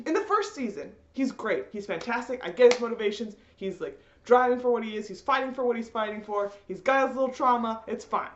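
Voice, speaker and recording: Young woman ranting, high swoopy voice, echoey room, kinda dull sound. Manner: exasperated, animated, laughing. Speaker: vlogger. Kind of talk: ranting vlog.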